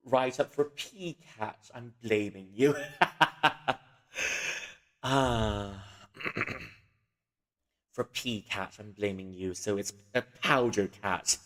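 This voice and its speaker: A man's voice: fairly low pitch, takes it slowly, a bit bright. A man hosting a casual livestream who rambles and giggles, with a long reverb on the recording. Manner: rambling, giggly, full of fillers. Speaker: livestream host.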